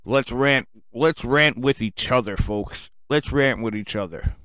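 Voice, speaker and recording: A man hosts his own radio show and launches into an angry, sarcastic, profanity-filled rant, swinging between low muttering and loud outbursts. His voice is smooth and a little slow, with no echo.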